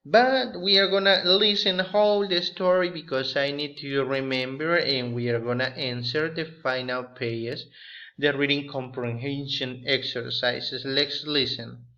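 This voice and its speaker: A man's voice: mid-range voice, steady tone, unhurried, bright, forceful tone, muffled recording. A man with a Mexican Spanish accent teaching an English class to young students, giving simple, repetitive instructions with small slips.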